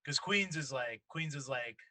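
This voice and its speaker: A man's voice: medium pitch, lively intonation, unhurried, bright, forceful tone, no room sound. A man in his thirties from New York hosting a podcast, asking curious questions and laughing easily. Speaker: podcast host. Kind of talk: casual interview chat.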